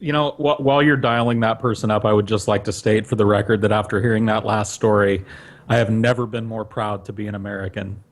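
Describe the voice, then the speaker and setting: A man's voice: fairly low pitch, little pitch movement, fast talker. A man co-hosting a casual podcast, sarcastic and crude. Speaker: podcast co-host.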